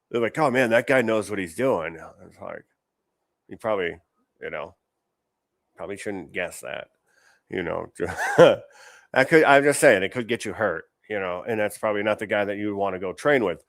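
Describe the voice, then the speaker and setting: A man with a lowish voice rambles through casual reaction commentary, peppering his talk with fillers and profanity. He laughs easily. The sound is close and dry, with little room around it. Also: normal speed, pauses often, no echo. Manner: rambling, profane, full of "you know" fillers; amused, laughs often. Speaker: host.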